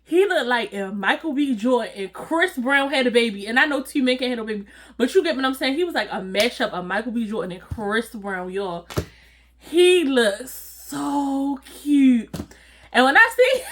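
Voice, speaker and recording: A woman telling a personal story to her viewers in a casual, animated, slangy way, often breaking into laughter. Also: high voice, normal speed. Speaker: storytime vlogger.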